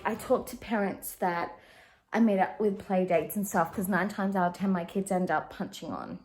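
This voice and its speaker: A woman in her thirties with an Australian accent, a working mum giving a candid, chatty life update from her home that turns quieter and more emotional when she talks about parenting. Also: mid-range voice, animated, moderate pace, slight background noise, rough recording. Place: at home, in her living room.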